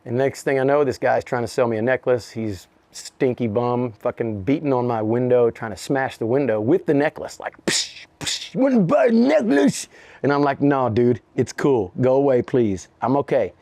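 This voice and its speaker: A man's voice: mid-range voice, moderate pace, few pauses, mellow, dry recording. A middle-aged man, a rapper being interviewed, telling a story with lots of swearing and laughter and acting out the other people's voices. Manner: profane, laughing, acts out voices in his stories. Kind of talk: animated storytelling in conversation.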